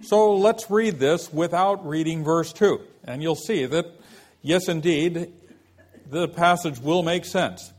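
A man teaching a Bible lesson at an unhurried, measured pace. His voice sits a little higher than most men's, and he walks through the text step by step with rhetorical questions. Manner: slow, deliberate explaining with rhetorical questions.

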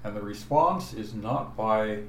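A man preaching an expository Bible sermon, teaching slowly and deliberately and stressing each verse he points to. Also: lowish voice, expressive. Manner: slow, deliberate teaching with emphatic verse references. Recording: echoey room, voice from afar, faint noise.

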